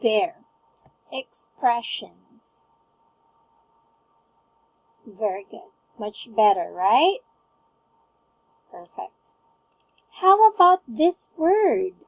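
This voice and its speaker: Woman English tutor, high voice, unhurried, warmly encouraging. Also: expressive, creaky, dry recording, dull audio. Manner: patient, encouraging, frequent praise. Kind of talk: one-on-one online English lesson.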